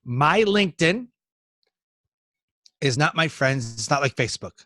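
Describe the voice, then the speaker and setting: Energetic man, bright and dry. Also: fairly high pitch, measured pace, no room sound. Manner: energetic, storytelling, acts out quoted dialogue. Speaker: professional speaker and speaking coach. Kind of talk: casual interview conversation.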